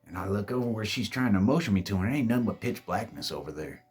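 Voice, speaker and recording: Brief: low, husky man spinning a profane spooky yarn, animated and loose. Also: fast talker. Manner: profane, animated storytelling, calls listeners babies. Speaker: storyteller. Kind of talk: casual ghost-story telling.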